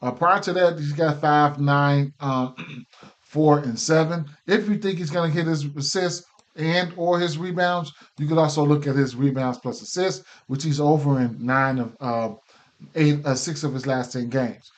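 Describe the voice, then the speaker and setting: A man's voice: on the high side, steady tone, moderate pace. A man hosting a casual sports betting picks show, talking loosely with many fillers and restarts, and he has the hiccups. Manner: loose, filler-heavy, repeats himself.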